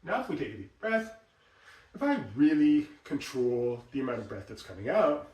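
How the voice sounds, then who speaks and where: A man teaching voice exercises, explaining and acting out examples in an animated way. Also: mid-range voice, normal speed. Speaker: voice coach. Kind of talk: instructional talk with demonstrations. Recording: roomy sound, mic at a distance.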